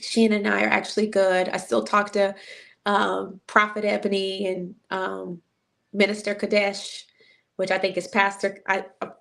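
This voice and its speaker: Gravelly-voiced woman preaching her testimony. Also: mid-range voice, little pitch movement, moderate pace, a bit bright. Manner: preachy, emotional, repetitive phrasing. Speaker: host. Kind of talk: casual testimony chat.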